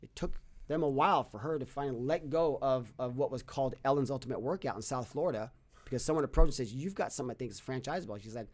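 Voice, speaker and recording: A man's voice: medium pitch, fast. Earnest man telling stories. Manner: earnest, repeats and restarts words. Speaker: podcast guest, fitness business owner. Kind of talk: casual interview storytelling.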